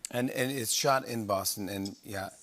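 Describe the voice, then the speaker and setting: A man's voice: fairly low pitch, moderate pace, a bit bright. A man hosting a late-night talk show, joking with his guest, with ums and restarts. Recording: TV studio with live audience. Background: studio audience.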